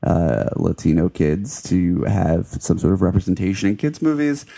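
Deep, gravelly man discussing films. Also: sing-song, normal speed, mellow. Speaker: podcast co-host, film critic. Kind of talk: casual film review chat.

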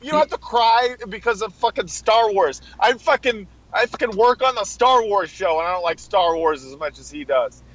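A man's voice: high-pitched, lively intonation, normal speed, few pauses, a bit bright, no echo, dull audio. A man in casual podcast talk, blunt and profane, ranting.

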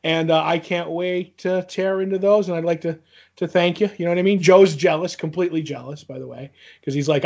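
A man's voice: on the high side, steady tone, fairly quick, creaky, dull audio. A man co-hosting a podcast, chatting casually in a joking way with frequent stammered restarts. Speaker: podcast co-host.

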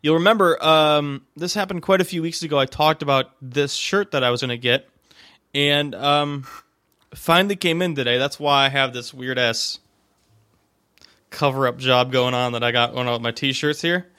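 A man's voice: medium pitch, moderate pace, pushed and bright, smooth, no echo. Rambling, joking podcast host, man. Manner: rambling, joking, lots of fillers and restarts. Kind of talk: casual chat. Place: home room, on a video call. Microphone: desk microphone.

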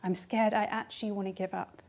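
A woman preaching a candid, personal sermon, dropping to hushed tones at times. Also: medium pitch, level tone, brisk.

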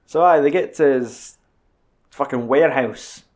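A man's voice: medium pitch, measured pace, darkish tone. A young Scottish man in casual, sweary, joking chat about a film. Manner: sweary, jokey banter.

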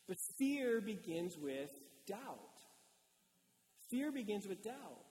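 A male pastor delivering a sermon in a conversational, animated way, acting out little quotes as he goes. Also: sits high, slow, big-room sound.

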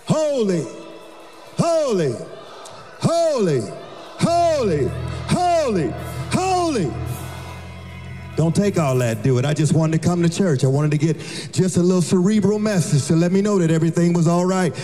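A man's voice: fairly high pitch, fast, warm tone. A male pastor preaching a rousing sermon in a church, chanting and hollering with call-and-response. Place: church sanctuary. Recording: long church reverb with music behind.

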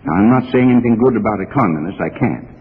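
A man's voice: on the low side, expressive, quick pace, breathy edge. A middle-aged male preacher telling a story in a church sermon, earnest and growing more fervent as he goes. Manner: earnest storytelling with rising fervor. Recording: archival sermon, phone-like and reverberant.

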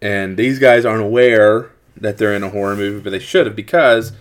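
A man's voice: on the low side, a little fast. Man casually retelling a horror movie. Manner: rambling, animated storytelling with acted quotes.

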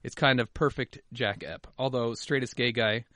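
A man with a mid-range, fairly bright voice keeps a steady tone at normal speed, recorded with no room sound. Co-hosting a podcast, he jokes and swears through casual banter as he reads listener emails, at times lapsing into a mutter.

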